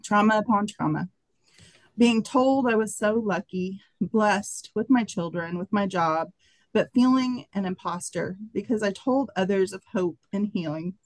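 A woman reading a personal piece aloud, emotional and halting. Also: medium pitch, dry recording, low-quality recording. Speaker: workshop participant reading her writing. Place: conference workshop room.

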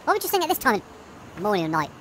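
A woman's voice: mid-range voice, big pitch swings, very fast, a little hiss or hum. A woman giving let's play commentary while playing a horror game, panicky, swearing constantly and laughing nervously, with game music behind her.

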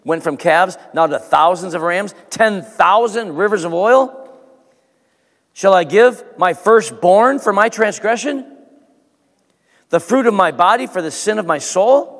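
A male pastor preaching to his congregation in a church sanctuary, his fairly high voice ringing with a long reverb. He builds emphasis through scripture, then drops into a quieter prayer. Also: expressive, a little slow, long pauses. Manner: preaching with rising emphasis, dropping to a soft prayer. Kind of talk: sermon and prayer.

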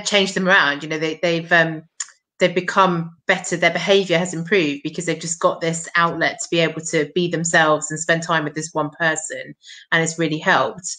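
A woman's voice: lowish voice, fairly bright tone, poor audio. A woman from the UK hosting a live-stream interview, reading viewer comments and agreeing with her guest. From United Kingdom. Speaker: host.

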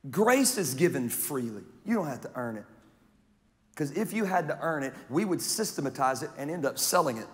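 Animated man preaching in a reverberant hall. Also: on the high side, normal speed. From Louisiana. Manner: animated, joking preacher with crowd banter. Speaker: pastor. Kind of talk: sermon. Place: large church auditorium. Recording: long reverb of a large hall.

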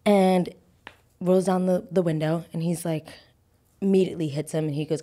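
A young woman hosting a podcast, telling a personal story in a chatty, animated way with lots of fillers and restarts. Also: fairly low pitch, moderate pace. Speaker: podcast host. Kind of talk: casual storytelling.

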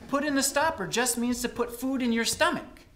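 A man's voice: very high voice, moderate pace, a bit bright. A man playing a bossy, know-it-all traveler from Osaka who lectures his friend, told live on a college stage in a roomy hall. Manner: lecturing, sure of himself. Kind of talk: live comic storytelling. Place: college stage before an audience.

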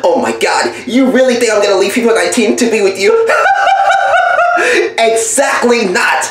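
A woman's voice: medium pitch, a little fast, lightly acted. A woman playing a smug boyfriend dumping his girl. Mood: mocking. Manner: taunting, dismissive, repeats a catchphrase. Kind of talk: comedy voiceover skit. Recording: very echoey room.

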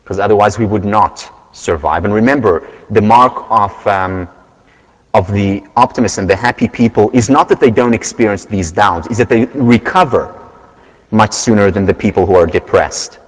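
A man giving a university lecture, earnest and measured, telling stories to make his point. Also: lowish voice. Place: large lecture hall. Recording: lecture hall with long reverb.

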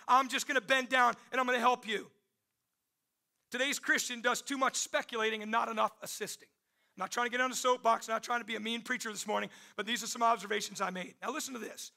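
High, gravelly man preaching a sermon. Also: pushed and bright. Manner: emphatic preaching, asks the crowd for replies. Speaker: pastor. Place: church before a large congregation.

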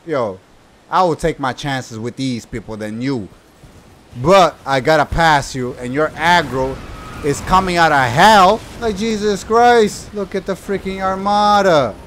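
A man giving excitable let's play commentary, talking to enemies on screen and exclaiming over the game. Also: fairly high pitch, unhurried, slight background noise. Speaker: gaming YouTuber. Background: game music.

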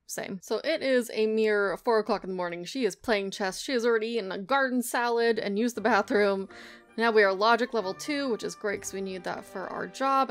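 A woman's voice: mid-range voice, clear, resonant tone. A woman giving casual, chatty commentary over her own gameplay, thinking aloud and laughing often. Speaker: gameplay video creator.

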